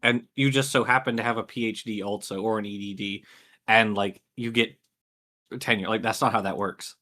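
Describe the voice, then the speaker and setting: A man's voice: lowish voice, fairly even intonation, moderate pace, pushed and bright. A man with a Southern US accent, joking wryly as a guest on a casual stream. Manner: wry, joking banter. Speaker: guest co-host. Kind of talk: casual live-stream chat.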